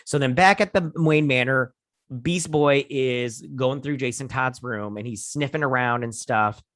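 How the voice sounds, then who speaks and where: A man's voice: medium pitch, measured pace, fairly bright tone, no room sound, clean studio sound. Chatty man recapping a TV episode. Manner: rambling, chatty, lots of "he's all like" retelling. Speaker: TV show reviewer and channel host. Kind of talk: casual episode recap and review.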